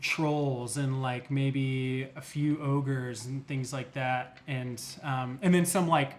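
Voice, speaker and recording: A man's voice: mid-range voice, steady tone, takes it slowly. A young man narrating a tabletop game as game master, hesitant with many fillers and restarts.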